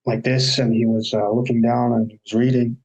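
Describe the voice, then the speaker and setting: A man's voice: mid-range voice, little pitch movement, a little fast, gravelly, darkish tone, highs cut off. A man co-hosting a casual discussion on coaching. He explains ideas by walking through examples and anecdotes. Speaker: agile coach, podcast co-host.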